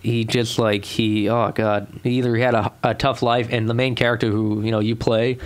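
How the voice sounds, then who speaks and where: A man's voice: mid-range voice, level tone, normal speed. A young man with a Boston accent co-hosting a podcast in casual banter, rambling with lots of fillers and restarts. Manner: rambling, many fillers and restarts, laughs often. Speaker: podcast co-host.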